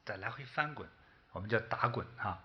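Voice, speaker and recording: A man teaching meditation to an audience in a folksy way, speaking in short bursts with drawn-out particles and pausing for an interpreter. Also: on the low side, animated, dull audio. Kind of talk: spiritual teaching with a live interpreter.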